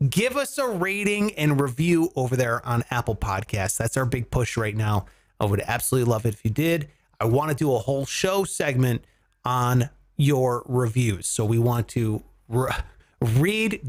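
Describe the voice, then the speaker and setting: A man hosting a comedy podcast, chatting casually, swearing and joking with animated energy. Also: medium pitch. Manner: animated, swearing, mock voices for jokes.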